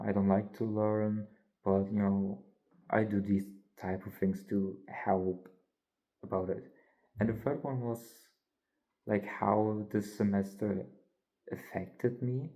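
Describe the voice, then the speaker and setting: A man's voice: lowish voice, steady tone, slow pace, dark tone, poor audio. A young man, a college student, talking candidly in a rambling, filler-heavy way with some yawning. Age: young adult. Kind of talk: casual vlog monologue.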